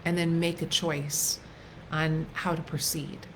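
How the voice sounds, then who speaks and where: Earnest woman coach, slightly low voice. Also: level tone, a little hiss or hum, poor audio. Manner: warm and earnest, with soft pauses and restarts. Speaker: wellness coach hosting a live workshop. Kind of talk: casual live-stream talk.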